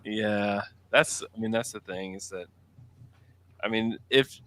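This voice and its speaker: A man's voice: lowish voice, fairly even intonation, slow pace, a bit bright. A man co-hosting a casual sports podcast, talking in a rambling, laid-back way with lots of fillers. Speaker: podcast co-host.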